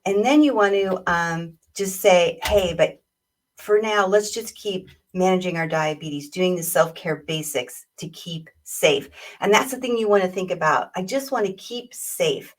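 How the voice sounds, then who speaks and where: A diabetes educator speaks conversationally in a webinar talk, acting out short exchanges with patients. Her voice sits on the low side and her pace is measured, heard over a video call from a distant mic.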